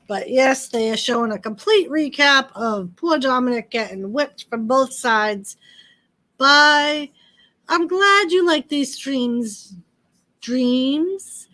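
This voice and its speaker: Slow, chatty woman streamer. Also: high-pitched, expressive, bright, forceful tone. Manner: chatty, greets viewers by name, talks to pets. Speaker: livestream host. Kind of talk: casual live wrestling commentary and chat.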